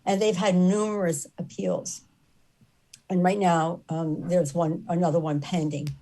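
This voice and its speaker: A middle-aged woman with a slightly low voice tells a story with earnest conviction. She leans on repeated phrases to drive her points home, building intensity as she speaks. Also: fairly even intonation, a little slow, warm tone. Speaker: activist speaker. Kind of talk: impassioned storytelling talk.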